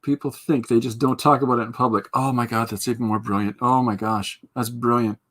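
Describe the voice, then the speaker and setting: A man's voice: mid-range voice, little pitch movement, a little fast, a bit bright, husky. A man hosting a podcast livestream, chatting casually while he draws, greeting viewers by name and reading their comments aloud, and laughing at his own jokes. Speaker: podcast host.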